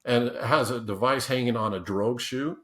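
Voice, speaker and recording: This man's mid-range, somewhat bright voice moves at a brisk clip as he spins casual stories as a podcast guest. His interview telling is rambling, full of restarts and laughter, with quotes acted out.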